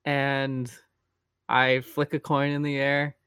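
A man plays in a tabletop game, describing his actions in a relaxed, playful way. His pitch is in the middle range. The recording is close and dry. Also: slow pace, clear, resonant tone, dry recording. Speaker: player.

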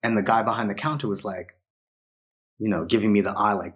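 A man with a very low, deep voice tells a personal story as a podcast guest. He talks casually and slips into short quoted lines from the people in his story. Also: fairly even intonation, brisk, fairly bright tone. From New York. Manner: quotes others in short acted asides.

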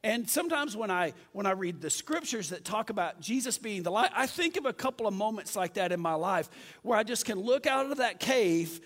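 A man preaching a sermon, telling a story in a lively, self-mocking way. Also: high voice, brisk, long reverb tail.

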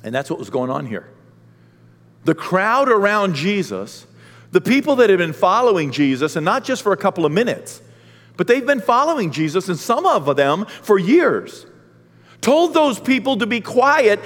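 A man delivers a sermon from a church pulpit, his voice ringing with a long hall reverb. He preaches in an animated way and breaks into the voices of people in the story as he goes. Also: high-pitched, moderate pace. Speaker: pastor. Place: church sanctuary.

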